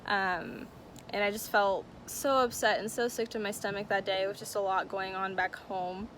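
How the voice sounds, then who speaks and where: A woman's voice: mid-range voice, fairly even intonation, moderate pace, fairly bright tone, a little hiss or hum. A young woman telling a personal story-time on her vlog, bubbly and giggly, often saying "like" and "oh my gosh". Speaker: vlogger.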